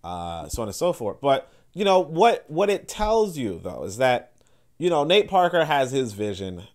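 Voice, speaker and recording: A man's voice: mid-range voice, very animated, normal speed, darkish tone. A man hosting a podcast, talking in a loose, rambling monologue full of fillers and restarts, acting out other people's words as he goes. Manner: acts out others' words in quoted asides. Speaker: podcast host. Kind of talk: casual monologue commentary.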